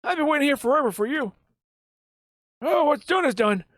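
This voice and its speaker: A man voicing a grumbling old man who waits in a cafe, with a gruff, impatient manner. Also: very high voice, expressive, normal speed, a bit bright, dry recording, clean studio sound, pitched above the performer's own voice.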